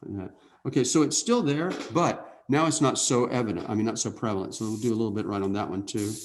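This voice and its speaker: A man teaching an airbrush painting lesson in a relaxed way, thinking out loud and often checking in with "okay?". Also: lowish voice, quick pace, slight background noise. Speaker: art instructor. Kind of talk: casual painting demonstration.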